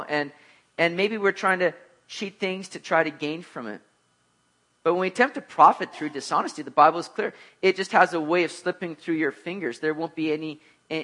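A man's voice: fairly high pitch, a bit bright. A man preaching a conversational sermon, mixing jokes with emphatic exhortation. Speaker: pastor.

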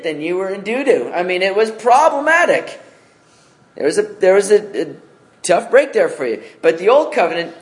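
A man preaching a sermon in an animated way, calling his listeners "guys" and swinging between loud emphasis and soft asides. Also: fairly high pitch. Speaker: pastor.

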